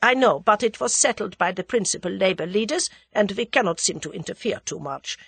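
A woman's voice: mid-range voice, lively intonation, a little fast, gravelly, a bit bright, breathy edge, no echo, heavily acted. A woman reading aloud, voicing a precise, formal German conspirator with a German accent.

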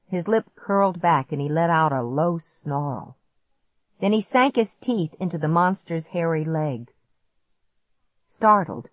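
A woman narrating a storybook in a measured, vivid first-person reading. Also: on the low side, no echo. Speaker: audiobook narrator. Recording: dull muffled audiobook recording.

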